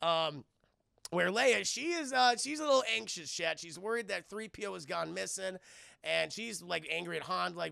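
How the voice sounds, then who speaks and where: High-pitched, gravelly-voiced excitable streamer. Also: male voice, moderate pace, no room sound, studio quality. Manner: excitable, swears a lot, keeps addressing the chat. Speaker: streamer reviewing a film with his chat. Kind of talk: animated live-stream recap, loosely acting out scenes.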